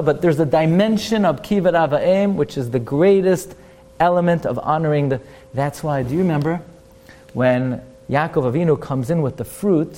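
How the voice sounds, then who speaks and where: A man giving a sermon-style Torah talk at a memorial gathering, asking questions and answering them, rising in pitch to stress points. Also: warm tone, slight background noise.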